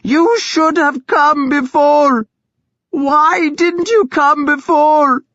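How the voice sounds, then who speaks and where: A man's voice: very high voice, steady tone, very slow, sharp tone, dry recording, dull audio, pitched above the performer's own voice, heavily acted. A man voicing a grief-crazed, vengeful young woman who shrieks and wails. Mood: screaming grief.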